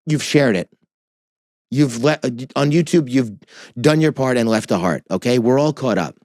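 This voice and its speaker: A man's voice: mid-range voice, moderate pace, a little mellow, no room sound. A man co-hosting a podcast, chatting casually, teasing his co-host and rambling through the intro with restarts. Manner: teasing, rambling, self-interrupting.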